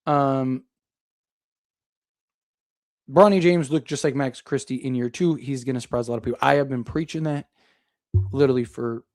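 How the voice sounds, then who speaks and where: A man's voice: medium pitch, normal speed, pauses often, darkish tone. A young man hosting a casual live basketball talk stream, rambling with lots of fillers as he reads viewer super chats. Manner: rambling, filler-heavy, thinks aloud. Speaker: sports podcast host reading super chats.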